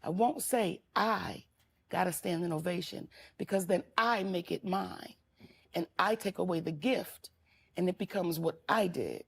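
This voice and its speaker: A woman's voice: fairly low pitch, a little slow, vocal fry, breathy edge. An older woman comedian talking in a casual chat, telling candid stories about her years on stage. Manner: candid, storytelling, emphatic. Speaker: guest comedian.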